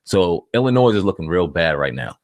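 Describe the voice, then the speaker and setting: A man's voice: low-pitched, brisk, dry recording. A man co-hosting an online news chat, talking bluntly and with plenty of swearing. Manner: blunt, profane, animated. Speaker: co-host. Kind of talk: casual news commentary.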